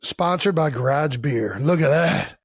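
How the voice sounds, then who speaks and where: A man from Ohio co-hosting a podcast in loud, joking, profane banter. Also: fairly high pitch, measured pace, husky, no room sound, clean studio sound. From Cleveland Heights, Ohio. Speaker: podcast co-host.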